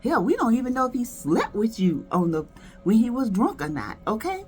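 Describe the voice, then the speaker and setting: Sassy woman, lively pitch. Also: normal speed, faint music behind. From South Carolina, US. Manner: sassy, gossipy, dramatic asides. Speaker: video reviewer. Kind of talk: casual commentary.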